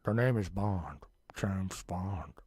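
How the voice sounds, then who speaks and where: A man doing an impression of an older Scottish film star, with a deep, slow, teasing put-on Scottish accent. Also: darkish tone, husky, no echo, exaggerated voice. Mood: playful.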